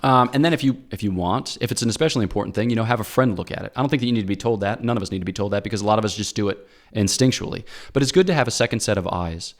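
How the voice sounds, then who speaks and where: A priest from Pennsylvania giving practical advice in a casual, earnest talk, often checking in with "okay?" and "all right?". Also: male voice, fairly low pitch, racing, few pauses. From Pennsylvania, USA.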